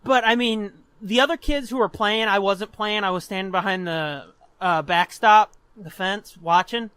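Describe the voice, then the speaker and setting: A man in his twenties co-hosting a podcast, telling stories in an animated, profane way and laughing often. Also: sits high, moderate pace, clean tone, dry recording. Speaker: podcast co-host. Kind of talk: casual chat, storytelling.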